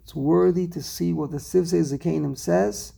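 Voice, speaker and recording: Gravelly man teaching a text lesson. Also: fairly high pitch, normal speed. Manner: animated, rhetorical questions, reads Hebrew terms aloud. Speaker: Torah teacher.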